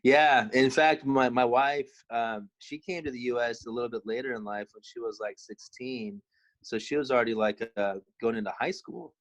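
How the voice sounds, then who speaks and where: A man in his thirties in casual podcast chat, relaxed and rambling with many fillers. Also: mid-range voice, normal speed, poor audio. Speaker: podcast co-host.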